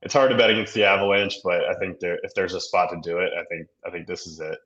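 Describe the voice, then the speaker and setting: A man's voice: low voice, fairly even intonation, fast, fairly bright tone, highs cut off. A man giving his betting pick, often repeating words as he gets going, with self-deprecating humor. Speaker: betting analyst. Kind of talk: sports betting analysis.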